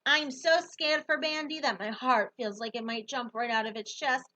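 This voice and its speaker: A woman reading a novel aloud in the first person, with expressive, lively storytelling. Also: high voice, moderate pace. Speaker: audiobook narrator.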